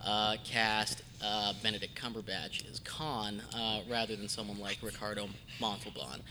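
A man from the United States moderating a fan panel discussion, speaking in a thoughtful, measured way and taking questions from the audience. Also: fairly low pitch, background noise.

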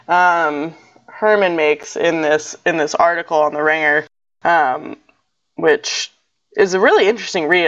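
A woman co-hosting a casual podcast, rambling with lots of fillers and poking fun at herself. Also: deep voice. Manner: rambling, filler-heavy, self-mocking. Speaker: podcast co-host. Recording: dull lo-fi audio.

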